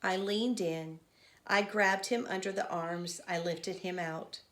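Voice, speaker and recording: A woman's voice: medium pitch, steady tone, slow pace. A woman reading as an earnest old village man. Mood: intent. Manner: earnest storytelling, rising to loud cries. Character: old village man, grief-struck, recounting childhood. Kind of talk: children's novel read aloud.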